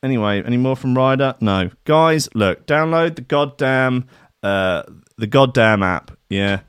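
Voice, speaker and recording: A man's voice: medium pitch, lively intonation, measured pace, a bit bright, smooth, no room sound, studio quality. A man, working as a radio DJ, chatting casually and ranting sarcastically between records with plenty of swearing.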